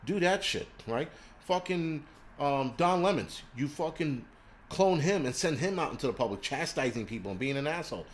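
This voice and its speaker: A man's voice: on the high side, expressive, normal speed, slight background noise. A man hosting a livestream, ranting crudely and rambling while he answers viewers' chat. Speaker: livestream host.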